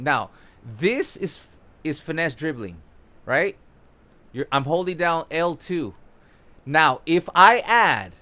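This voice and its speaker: A young man with a fairly high voice talks through a football video game tutorial as he plays. He is casual and excited, pointing out moves on screen and swearing now and then. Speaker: gaming YouTuber. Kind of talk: casual gameplay tutorial commentary.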